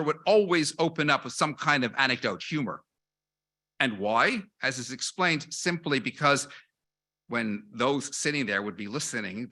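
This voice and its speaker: A rabbi delivers a lecture with a bright, forceful edge to his fairly high voice. He is a middle-aged man who asks rhetorical questions and stacks his points in steady lists, one after another. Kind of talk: lecture with anecdotes.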